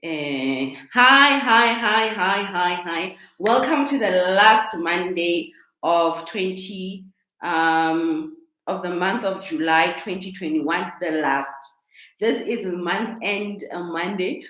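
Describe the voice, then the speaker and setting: A woman's voice: fairly low pitch, slow pace. A chatty woman with a South African accent, hosting a casual live stream as a coach and talking into a laptop microphone. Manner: chatty, repeats herself, greets viewers warmly. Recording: echoey room.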